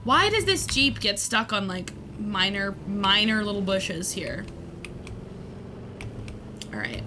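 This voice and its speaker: A woman's voice: medium pitch, big pitch swings, slow, background noise. A woman hosting a charity livestream while she plays a game, playful and giggly as she thanks donors. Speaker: streamer hosting a charity stream. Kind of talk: casual gaming livestream chat.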